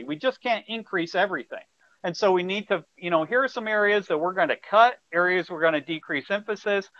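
A man's voice: a little high, no echo. A man presenting slides in a webinar, explaining at length with many fillers and telling a colleague when to advance each slide. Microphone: video call. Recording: muffled video-call audio.

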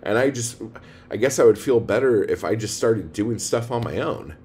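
A man, a poet and writing coach, delivering a profane, blunt rant that swings between low mutters and loud outbursts. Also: lively intonation, normal speed. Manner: profane, blunt, heated ranting. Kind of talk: ranting video monologue.

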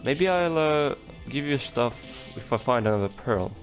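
A man giving relaxed, chatty commentary while playing a game, talking to the creatures on screen. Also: mid-range voice, unhurried. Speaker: let's play gamer. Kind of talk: casual gameplay commentary. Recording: faint game music behind.

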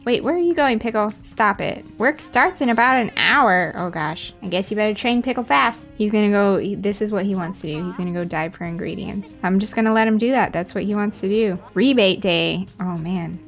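Female gaming host, casual running commentary, mid-pitched, light music under. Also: brisk, hardly any pauses. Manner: chatty, reacting aloud to the game.

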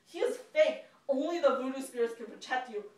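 A woman putting on a furious, threatening village man who shouts his lines in a story for children. The voice sits fairly high and rings through a roomy, echoing space, picked up from a distance. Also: lively intonation, moderate pace. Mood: angry. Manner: shouting, raising voice. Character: angry male village voodoo man, threatening. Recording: echoey room from far off.

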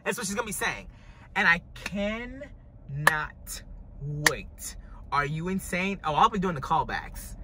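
A man talking in a dramatic, gushing reaction vlog, his voice hoarse from screaming. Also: a little high, animated, slow pace, background noise. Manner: dramatic, gushing, over-the-top. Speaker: music reviewer.

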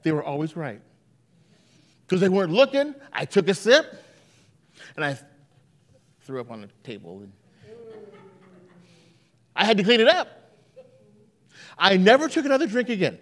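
Guy preaching in church, kinda high voice, tells stories and acts out the voices. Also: normal speed, pauses often. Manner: animated storytelling with acted-out quotes. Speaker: pastor. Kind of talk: sermon.

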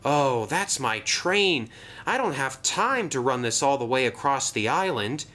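A man voicing a cheeky prankster steam engine in a lifted, sly, quick voice. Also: mid-range voice, sing-song, bright, forceful tone, voice pushed up.

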